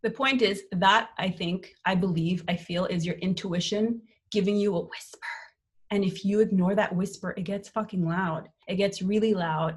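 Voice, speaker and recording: A young adult woman hosting a live online motivational workshop, upbeat and candid, swearing casually as she coaches. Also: mid-range voice. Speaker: workshop host and life coach.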